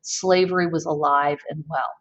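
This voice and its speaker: Woman giving a measured history lecture. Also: low voice, fairly even intonation, lo-fi sound. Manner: measured, explanatory, occasional ums. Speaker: history teacher. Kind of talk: recorded slide lecture.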